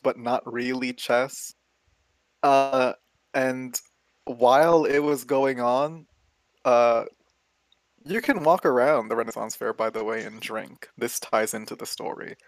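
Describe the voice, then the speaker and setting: A man in casual chat who tells a long story full of swearing and laughter. His voice sits at a middle pitch. He sounds close and dry, with no room sound around him. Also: measured pace, dry recording. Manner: profane, rambling, laughs as he talks.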